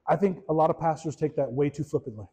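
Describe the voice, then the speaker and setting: High-voiced mellow male pastor preaching. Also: fast, husky, lo-fi sound. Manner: animated, repeats words, asks the room questions. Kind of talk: conversational sermon.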